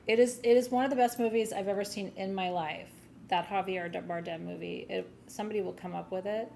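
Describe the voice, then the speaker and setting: Gravelly-voiced woman gushing on a live stream. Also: mid-range voice, a little fast, darkish tone, slight background noise. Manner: gushing, chatty, swears, laughs easily. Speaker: host of a live gem sale. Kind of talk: casual live-stream chat.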